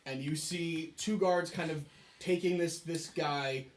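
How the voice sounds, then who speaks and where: A man's voice: fairly high pitch, steady tone, measured pace. A man narrating as game master of a tabletop game, hesitant and full of fillers, in an echoey room.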